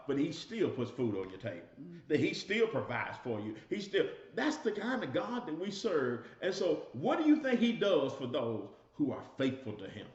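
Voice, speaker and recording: Man preaching a Bible study, slightly high voice, emphatic and repetitive; dull, roomy church recording. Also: big pitch swings, moderate pace, few pauses. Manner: emphatic preaching with repeated phrases, addresses listeners as y'all. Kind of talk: sermon. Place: church room.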